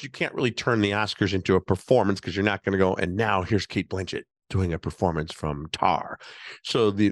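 A man's voice: on the low side, no room sound, studio quality. A middle-aged man hosting a casual, opinionated commentary monologue, chatty and full of fillers and asides. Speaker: show host.

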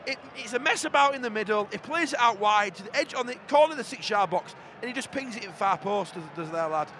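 A man co-hosting a podcast, excitable and laughing easily as he chats through a live match. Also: high-pitched, fast talker, slight background noise. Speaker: podcast co-host. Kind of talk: casual live match chat.

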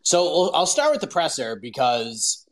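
Heard on a rough recording, this forties-aged host has a fairly high-pitched voice and a moderate pace. His loose, lively storytelling is full of filler words, "like" chief among them.

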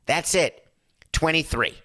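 Hoarse man, sports talk host, sharp bright tone, fired-up sarcastic rant, middle-aged. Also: on the high side, slow pace, dry recording, studio quality. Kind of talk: impassioned talk-show rant.

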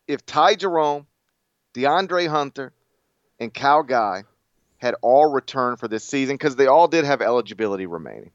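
Animated American man on a sports podcast. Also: mid-range voice, moderate pace, no echo, muffled recording. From United States. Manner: animated, laughing, self-deprecating banter. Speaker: podcast co-host. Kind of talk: casual sports podcast chat.

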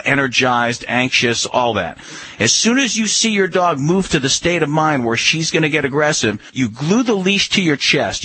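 A man giving calm, firm dog-training advice to a radio caller, coaching him step by step. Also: medium pitch, husky, no echo, rough recording. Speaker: dog behavior expert.

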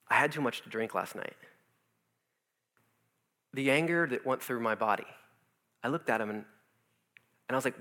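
Telling his personal testimony from his office, a young man who serves as a youth pastor brings the story to life by performing the quoted voices. His pitch is medium and his speed normal, with long pauses.

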